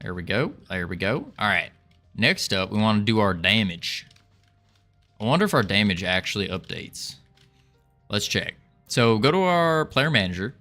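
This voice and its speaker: A man's voice: on the low side, lively intonation, moderate pace, bright, forceful tone, faint music behind. A man streaming his game development, chatting casually with a playful, rambling manner and often repeating his own phrases. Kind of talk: casual livestream chat.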